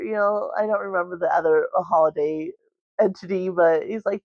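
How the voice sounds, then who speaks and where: A woman's voice: on the low side, moderate pace, a little mellow, no echo. A woman vlogger chatting casually about a book at home, rambling with lots of "like" and "um". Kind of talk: casual book review chat. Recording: dry, slightly muffled recording.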